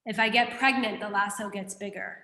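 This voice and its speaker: A mid-range female voice moves at a fairly quick clip as she explains a Buddhist text to her class in a lively, chatty style, asking her students questions. The room sounds echoey.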